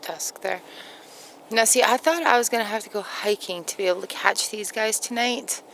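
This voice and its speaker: A woman's voice: medium pitch, moderate pace, vocal fry, a bit bright, slight background noise. A woman hosting her channel, filming outdoors at night and gushing in awe, at times dropping to a whisper. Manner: gushing, awestruck, drops to whispers. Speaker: tarot channel host. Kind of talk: excited outdoor vlog.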